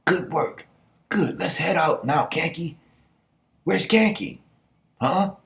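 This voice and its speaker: A man voicing excited young male clan members in a giddy, breathless high voice. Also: slow, creaky, exaggerated voice.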